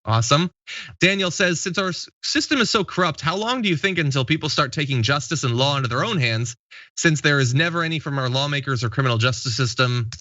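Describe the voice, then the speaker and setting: A man's voice: a little high, fast, pushed and bright, no echo, lo-fi sound. A man in his late thirties hosting a casual live stream, reading viewer comments aloud and laughing easily. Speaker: show host.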